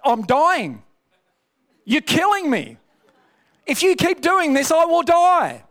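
Brief: a man doing a whiny, pleading hunger voice, pitched well above his own. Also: sing-song, slow pace, a bit bright, full character voice. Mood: desperate. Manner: whiny, coaxing, complaining. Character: his own whining, pleading craving body.

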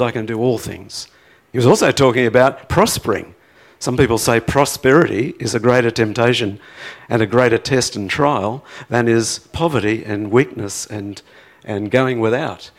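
A man preaching a sermon, rising to impassioned pleading peaks and then dropping to a quiet, reflective tone. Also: medium pitch. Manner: acts out prayers in a pleading voice.

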